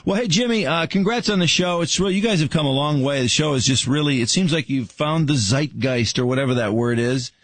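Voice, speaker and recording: Fast-talking radio host man. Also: a little high, slight background noise. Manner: fast, joking, loose. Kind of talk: casual radio chat.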